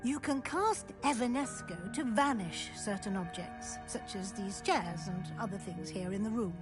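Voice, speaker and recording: An actress playing a brisk, kindly female professor in a video game, explaining things in an instructive way. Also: medium pitch, natural voice. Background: loud game music.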